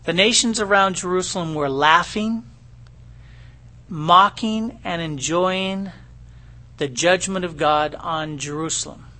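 A middle-aged man delivers a sermon as if chatting with his congregation. His voice sits high and rings bright. He keeps checking in with his listeners in a homespun, folksy manner. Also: takes it slowly. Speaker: pastor. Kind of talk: conversational sermon.

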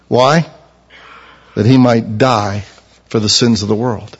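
A man delivers a sermon with a middle-pitched voice. His delivery climbs to loud, fervent peaks and then drops to low, quiet teaching. The sound rings with a long reverb, as in a large hall. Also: steady tone, unhurried, slightly rough, muffled recording. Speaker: preacher.

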